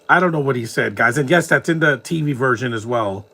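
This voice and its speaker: Bright-voiced New York man riffing on a movie. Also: medium pitch, expressive, brisk, husky. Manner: laughing, joking reactions. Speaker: movie watch-along commentator. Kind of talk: casual live movie commentary.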